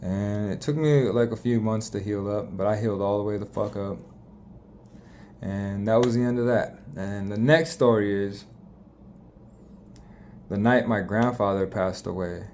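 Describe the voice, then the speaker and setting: A man's voice: on the low side, a little slow, pauses often, a little mellow, slight background noise. A young man casually telling a story, profane and rambling, with frequent restarts.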